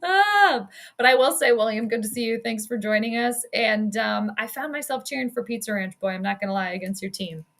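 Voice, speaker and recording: Bright-voiced woman streamer. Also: a little high, steady tone. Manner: chatty, quick reactions, frequent laughs and self-deprecating asides. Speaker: sports astrology streamer and commentator. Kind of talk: casual live-stream game commentary.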